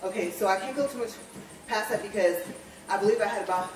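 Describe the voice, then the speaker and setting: A fast-talking woman with a mid-range voice films a casual vlog while on a home treadmill, out of breath, rambling and correcting herself. The roomy, distant home recording carries a little hiss or hum.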